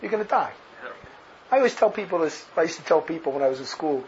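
Talking fast with lively intonation and a slightly high voice, this religious commentator sarcastically picks apart a speech and laughs at his jabs. The audio is dull and lo-fi, with a faint layer of noise.

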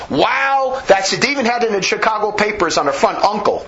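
A fired-up man preaching a sermon, his voice swinging high and low as he presses each point. He talks in emphatic, rambling bursts full of restarts. The recording sounds dull and lo-fi. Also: expressive, quick pace, few pauses, fairly bright tone. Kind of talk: impassioned sermon.

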